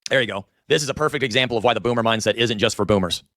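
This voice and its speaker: A man's voice: medium pitch, very fast, fairly bright tone, dry recording, clean studio sound. A man hosting a watch party, giving blunt, sarcastic reaction commentary. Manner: blunt, sarcastic put-downs. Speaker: stream host reacting to clips.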